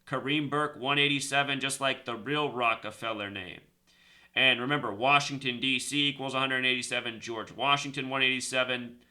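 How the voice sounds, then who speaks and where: A man hosting his own video, talking casually and rambling, repeating numbers and speeding up, then slowing down to stress a point. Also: medium pitch, pushed and bright. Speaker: video host. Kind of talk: casual monologue to camera.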